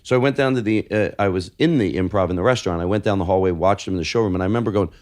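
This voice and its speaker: A man's voice: low voice, very fast, darkish tone. Fields: Sex: man. Role: podcast co-host. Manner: rambling anecdotes. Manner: rambling, self-interrupting. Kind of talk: casual chat, storytelling.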